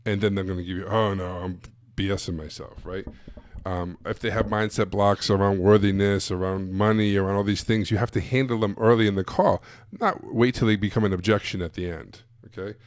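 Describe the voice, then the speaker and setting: A man's voice: lowish voice, steady tone, a little fast, few pauses, dry recording, studio quality. A man giving a blunt, casual live-streamed coaching talk to sales coaches, full of emphatic asides.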